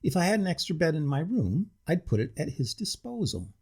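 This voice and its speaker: A man voicing a tipsy, pompous middle-aged gentleman who speaks with exaggerated, ponderous civility in a gravelly, husky voice. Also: a little high, sing-song, fairly quick, pitched above the performer's own voice, heavily acted. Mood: ponderous sympathy. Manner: overly civil, ponderous, slightly drunk.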